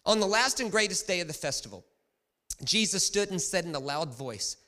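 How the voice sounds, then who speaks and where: Animated male pastor in echoing hall. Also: sits high, fairly quick. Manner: animated, emphatic, conversational preaching. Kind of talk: sermon. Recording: long hall reverb.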